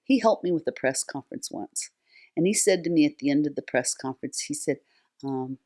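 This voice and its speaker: An older woman speaks briskly in an extremely low, darkish voice. She's on a talk show as a guest, a nonprofit founder telling long, conversational stories full of fillers and restarts.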